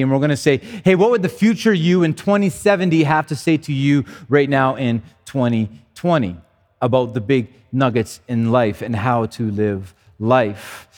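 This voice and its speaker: A man's voice: medium pitch, long reverb tail. A male pastor preaching a sermon in a conversational way, often repeating words as he goes.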